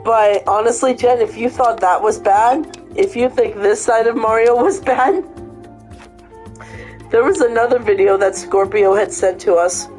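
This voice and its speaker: A woman chatting casually, retelling a funny video with lots of swearing and animated storytelling. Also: a little high, unhurried, soft background music, poor audio. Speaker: host. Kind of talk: casual chat.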